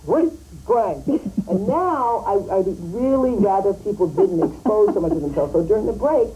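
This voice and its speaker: A woman in her thirties gives a candid TV interview. She tells stories with lots of animation and jumps into other people's voices when she quotes them. Her tone is mellow and soft, with faint music underneath. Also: medium pitch, expressive, normal speed, rough recording. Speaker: talk show host interviewed as a guest.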